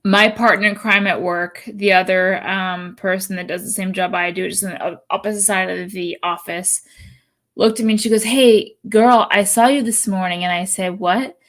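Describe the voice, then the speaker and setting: Animated, profane woman co-host. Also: fairly low pitch, moderate pace. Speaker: podcast co-host. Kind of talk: casual live-show chat.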